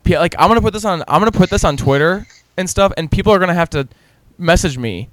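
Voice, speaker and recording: A man's voice: high-pitched, lively intonation, fast talker, fairly bright tone, no echo. A man in casual banter with friends, teasing and mocking the others.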